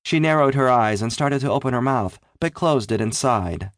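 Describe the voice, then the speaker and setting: A man's voice: mid-range voice, lively intonation, normal speed, dry recording. Man reading an audiobook, wry storyteller, lots of ups and downs, dead dry sound. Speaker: audiobook narrator. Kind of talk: scripted first-person narration.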